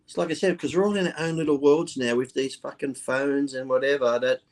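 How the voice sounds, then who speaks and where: A man's voice: medium pitch, fairly even intonation, fairly quick, a little mellow. A man from Australia talking bluntly on a podcast, cursing freely. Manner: blunt and profane, talks in plain everyday terms. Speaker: podcast guest. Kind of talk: casual chat.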